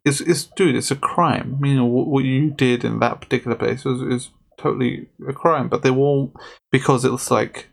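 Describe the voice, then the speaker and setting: A man talks in a loose, rambling way, restarting his sentences as he argues a point in casual banter. His voice is gravelly, with a lot of fry at mid pitch. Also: steady tone, normal speed. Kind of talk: casual chat.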